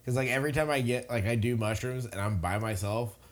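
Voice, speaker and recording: A man who is a guest on a casual podcast, talking in a quick, offhand way. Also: medium pitch.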